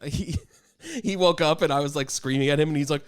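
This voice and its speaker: A man on a podcast with a smooth, resonant voice, recorded close and dry with no room sound. He tells stories excitedly and gets loud when he quotes someone. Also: on the high side, fairly quick, dry recording. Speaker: podcast co-host. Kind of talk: casual chat.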